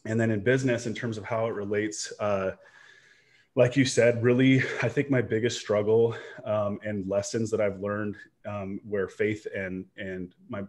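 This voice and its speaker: A man's voice: lowish voice, fairly even intonation, normal speed, darkish tone. A man who runs an online business and coaches, talking earnestly and reflectively on a video call, rambling with restarts and checking in with "right?". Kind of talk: candid personal storytelling in a video-call interview.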